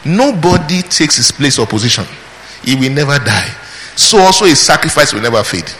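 A man's voice: medium pitch, sing-song, fairly quick, a bit bright. A man preaching a sermon, emphatic, asking the congregation questions, answering them himself, and calling out praise between points. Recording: long hall reverb with faint background noise.

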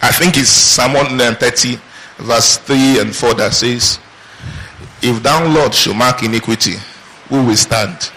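Bright-voiced male pastor preaching call-and-response. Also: mid-range voice, measured pace, rough recording. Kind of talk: sermon.

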